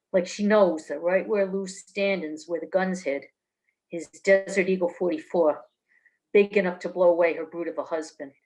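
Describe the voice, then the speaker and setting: A woman's voice: fairly low pitch, darkish tone. A woman from New Jersey reading her own noir fiction aloud in a blunt, streetwise way over a video call. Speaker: author reading her work.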